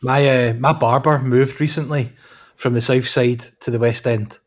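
A man's voice: mid-range voice, steady tone, moderate pace. A man with a Glaswegian accent chatting casually, with blunt, dry humour. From Scotland. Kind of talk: casual chat.

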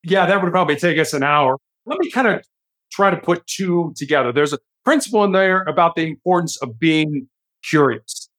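An earnest man speaks in a fairly high voice, explaining his points at length. He talks in an easy conversational way and now and then acts out the lines of the people he quotes. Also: a bit bright. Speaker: guest author and speaker. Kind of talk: conversational interview storytelling.

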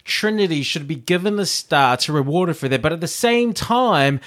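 Animated higher-voiced man chatting. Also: moderate pace. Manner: animated, laughs often, mimics voices. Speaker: podcast co-host. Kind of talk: casual chat.

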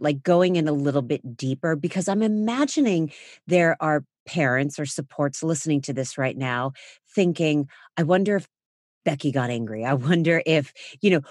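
A woman hosts a podcast interview with a very low voice. She asks measured, empathetic questions and leaves room for her guest to answer. The recording is dry and close. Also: a little mellow, dry recording. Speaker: podcast host.

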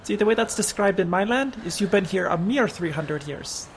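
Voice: medium pitch, animated, moderate pace, slight background noise, lightly acted. A player voicing a proud, haughty woman spellcaster in a tabletop game, cool and cutting. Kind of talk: in-character tabletop role-play.

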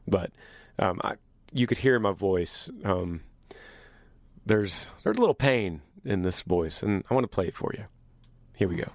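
A man hosting a casual solo podcast in an upbeat, chatty way, his voice deepened by years of singing. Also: lively intonation, normal speed, darkish tone, no room sound, clean studio sound. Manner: upbeat, chatty, teasing his younger self. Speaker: podcast host.

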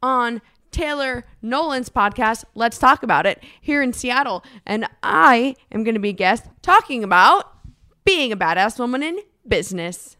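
A woman's voice: on the high side, lively intonation, moderate pace, bright, forceful tone, no echo, clean studio sound. A woman in her thirties co-hosting a podcast, chatting casually, teasing and laughing often, speaking into a handheld mic as she paces an apartment. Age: 30s. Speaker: radio morning show co-host. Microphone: handheld mic while pacing a room.

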